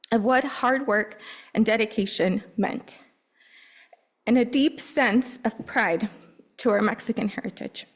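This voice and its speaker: A woman from Napa Valley, California, a parent giving a prepared public comment, earnest and clearing her throat often. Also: fairly high pitch.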